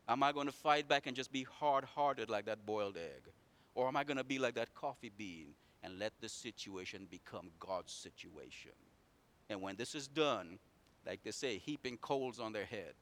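Animated preaching man with big swings. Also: moderate pace. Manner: dramatic swings between loud emphatic runs and low quiet asides; repetitive preaching cadence. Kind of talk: sermon.

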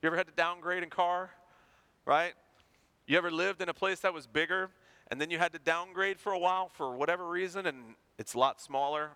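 A man delivers a sermon in a bright, forward voice sitting a little high for a man. He is animated, slipping into the voices of ordinary people to make his point. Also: fairly quick, clean tone. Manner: animated, acts out everyday people. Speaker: pastor.

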